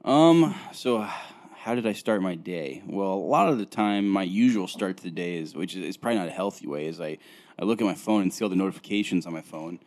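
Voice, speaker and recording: Deep-voiced young man, laid-back chat. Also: a little fast, a little mellow. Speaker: podcast co-host. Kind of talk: casual chat.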